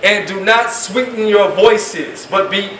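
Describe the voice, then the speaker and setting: A man with a high voice lectures a class in an emphatic, casual style. The room is echoey and the mic sits at a distance. A faint hum runs underneath. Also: slow pace, a bit bright. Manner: emphatic, colloquial, acts out quoted speech. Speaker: Islamic class teacher.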